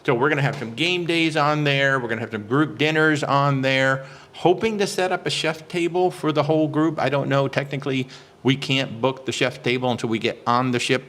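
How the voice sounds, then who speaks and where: A chatty, excitable man hosts a casual live stream about cruises and greets his viewers by name. His voice sits at an ordinary, middle pitch. He often trails into filler sounds as he searches for words. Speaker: travel agent hosting a live cruise Q&A.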